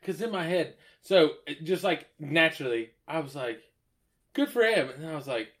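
A man's voice: on the high side, animated, brisk. A man co-hosting a podcast, joking and swearing casually and laughing often. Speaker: podcast co-host.

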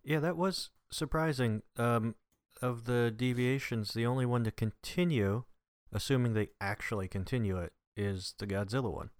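A man co-hosting a podcast, making dry, deadpan remarks in casual chat. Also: medium pitch, normal speed, no room sound. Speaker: podcast co-host.

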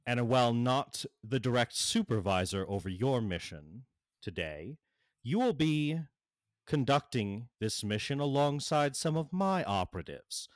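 A man's voice: mid-range voice, animated, unhurried, dry recording, clean studio sound, lightly acted. A man voicing a stern, disapproving woman government official. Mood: cold.

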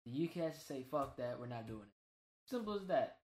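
A man co-hosting a casual gaming podcast, talking in an animated, slangy way and swearing freely. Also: mid-range voice, a little fast, reverberant. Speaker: podcast co-host.

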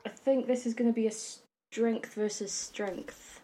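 A woman's voice: fairly high pitch, fairly even intonation, unhurried, warm tone. Matter-of-fact woman game master. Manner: brief, matter-of-fact rulings. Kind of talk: running a tabletop game.

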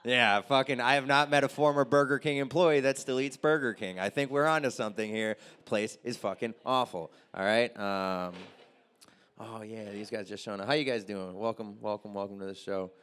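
A man's voice: fairly low pitch, fairly even intonation, normal speed, a bit bright, smooth. Crude rambling stand-up comic man. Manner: loose, crude, rambling, chatty with the crowd. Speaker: stand-up comedian. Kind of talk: stand-up set with crowd work.

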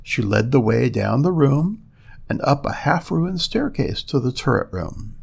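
A man narrating a fairy tale in a measured, steady reading. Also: medium pitch, creaky, husky. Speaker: storyteller.

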